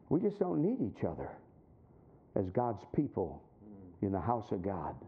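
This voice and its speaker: A middle-aged man preaching a sermon, telling a story with acted-out voices and dropping low and quiet for his points. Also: gravelly. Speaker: pastor. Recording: tinny phone-like sound.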